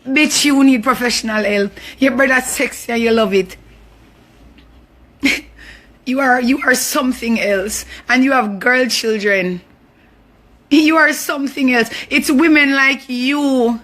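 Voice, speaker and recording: A woman's voice: high voice, unhurried, sharp tone. A Jamaican woman in her thirties, speaking out in a fierce, indignant social media rant. She is emotional and near tears, and repeats her lines for emphasis. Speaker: abuse survivor speaking out.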